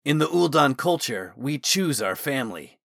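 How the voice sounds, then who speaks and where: A man reading the lines of an earnest, gentle young man in an audiobook, sincere and softly spoken. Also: medium pitch, sing-song, moderate pace, creaky, no room sound, clean studio sound, heavily acted. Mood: heartfelt.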